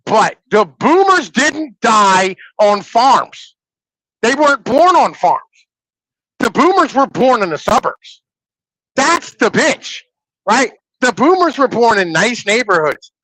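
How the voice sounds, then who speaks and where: A man in his thirties talking in a casual, animated and profane way on a podcast, often asking "you know what I'm saying". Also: very high-pitched, takes it slowly, dry recording, rough recording.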